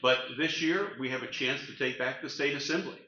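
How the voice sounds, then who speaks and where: A man's voice: medium pitch, a little fast, very noisy. An older man speaking earnestly as a panelist at a community event, rallying the room. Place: meeting room. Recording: roomy, dull event recording.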